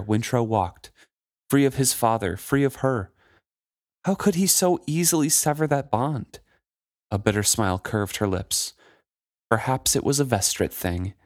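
A man co-hosting a book podcast, reading passages aloud and chatting about them in a measured way. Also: fairly low pitch, no echo, studio quality.

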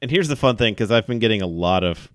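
A man with a low voice, recorded dry and close, talks sports on a casual podcast. He tells events in an animated way, full of fillers and restarts. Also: fast talker, smooth, dry recording. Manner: animated storytelling, many fillers. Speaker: podcast co-host.

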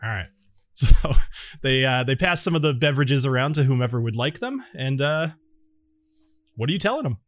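Guy dming a tabletop game, lively and bright, lots of uhs. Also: medium pitch, moderate pace, no echo. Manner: animated, with many fillers. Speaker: game master.

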